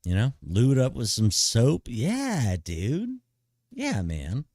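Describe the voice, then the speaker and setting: Middle-aged dude on a live stream, slow drawl, dry close sound, swears a lot, says dude every line. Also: male voice, mid-range voice, wildly swooping pitch, darkish tone, no room sound. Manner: profane, blunt big-brother advice; laid-back, repeats "dude" a lot. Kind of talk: casual live-stream chat.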